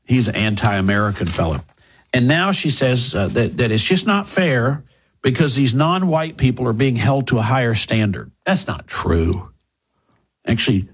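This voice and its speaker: Hosting a talk radio show, a man with a husky, medium-pitched voice launches into an indignant monologue full of mocking rhetorical questions.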